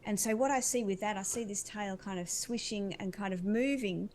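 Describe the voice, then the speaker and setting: A woman's voice: mid-range voice, normal speed, darkish tone, a little hiss or hum. A woman acting as an animal communicator, describing intuitive visions in an earnest, dreamy, winding way.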